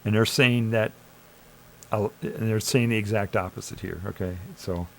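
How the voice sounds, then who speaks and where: A man's voice: lowish voice, steady tone, normal speed, vocal fry, poor audio. A man streaming live, reading chatbot answers aloud and arguing back with sarcasm, urging listeners to think. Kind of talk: casual commentary reading AI chat aloud.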